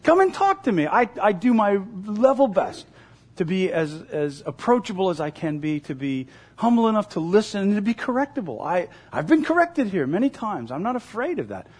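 Man, pastor, sermon, husky voice, a bit high, earnest, emphatic repeats. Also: big pitch swings, normal speed, darkish tone.

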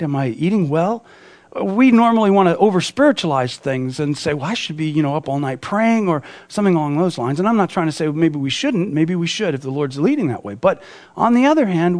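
A man's voice: sits high, a little mellow. A man preaching a sermon, reading scripture and explaining it with many restarts and acted quotes. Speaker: pastor.

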